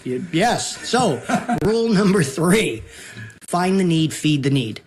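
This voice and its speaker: A man's voice: high voice, very animated, takes it slowly. A man, a real estate broker, giving emphatic and punchy sales coaching as a guest on a talk show. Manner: emphatic, punchy repeated rules.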